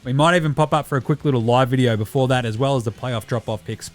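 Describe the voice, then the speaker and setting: Fast-talking cheeky Australian host. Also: male voice, mid-range voice, soft background music. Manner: cheeky, rapid plugs and jokey insults. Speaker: podcast host. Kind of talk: casual show sign-off.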